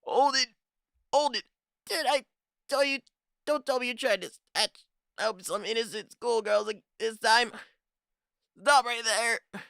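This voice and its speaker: A man doing a shrill, commanding young woman. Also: measured pace, creaky, pauses often, bright, forceful tone, clean tone, dry recording, clean studio sound, exaggerated voice.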